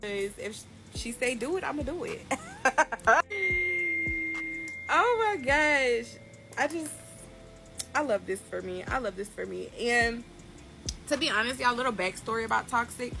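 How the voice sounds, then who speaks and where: A woman's voice: fairly high pitch, animated, measured pace, vocal fry, long pauses, music in the background. A woman chatting casually to camera about her life, rambling with lots of fillers. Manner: rambling, many fillers, giggly. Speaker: social media poster.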